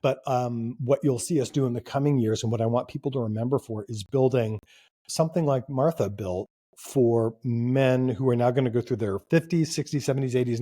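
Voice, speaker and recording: A man's voice: medium pitch, dark tone. A middle-aged man, a company founder, speaking as a guest in a conversational interview, telling stories with energy and emphasis.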